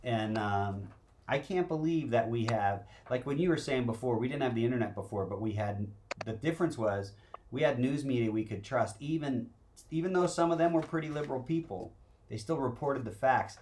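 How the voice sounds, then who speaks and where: A man's voice: mid-range voice, moderate pace, darkish tone, a little hiss or hum. A man co-hosting a talk show, chatting casually and laughing often. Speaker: co-host.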